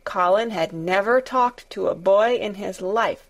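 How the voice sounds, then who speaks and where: Slow, measured woman storyteller. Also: mid-range voice. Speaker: narrator. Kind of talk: storybook narration.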